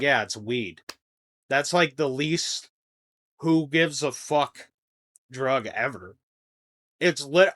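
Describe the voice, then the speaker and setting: A young man hosting a comedy podcast rambles through a crude monologue, veering between loud outbursts and low mumbling.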